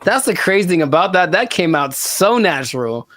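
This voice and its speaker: A man's voice: high voice, very animated, moderate pace, fairly bright tone. A man co-hosting a casual podcast, laid-back and rambling, laughing easily. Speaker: co-host.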